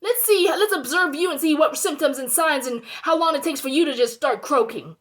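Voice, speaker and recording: A young woman with a high voice vents to her viewers in a heated monologue. She swears freely and circles back to the same points. She keeps pressing the audience with rhetorical questions. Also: animated, a little fast. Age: young adult. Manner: heated and indignant, swearing, repeating herself. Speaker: vlogger.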